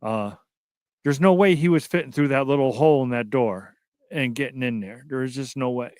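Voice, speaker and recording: A man's voice: mid-range voice, a little fast, darkish tone, no echo, clean studio sound. Emphatic man repeating his point. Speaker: guest. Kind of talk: casual talk on a radio show.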